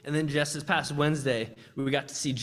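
A man's voice: fairly high pitch, steady tone, a little fast, background noise. A young man giving a heartfelt church testimony and sermon, speaking earnestly with frequent restarts. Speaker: campus ministry speaker. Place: church service.

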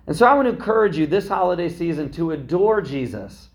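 A man delivers a sermon in an easy, conversational style, often pausing to check in with his listeners. His voice sits a little higher than most men's. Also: animated. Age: young adult to middle-aged, a parent. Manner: conversational preaching, frequent "right?" asides. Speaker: pastor.

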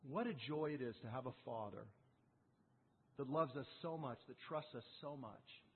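A man's voice: medium pitch, moderate pace, breathy edge. Man, preacher, sermon, rhetorical questions, tinny phone-like sound, long hall reverb. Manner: rhetorical questions, acting out quotes.

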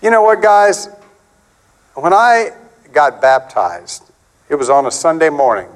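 A middle-aged man preaching a sermon in a conversational, animated way, acting out quotes and stories. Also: a little slow, low-quality recording. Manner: animated, conversational, acts out quotes with big pitch swings.

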